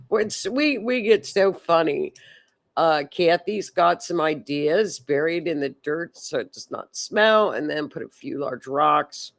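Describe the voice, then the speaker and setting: A woman's voice: deep voice, expressive, slow pace, vocal fry. A woman hosting a live stream, chatting in a rambling way and reading viewer comments aloud. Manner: chatty, rambling, repeats words. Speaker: livestream host.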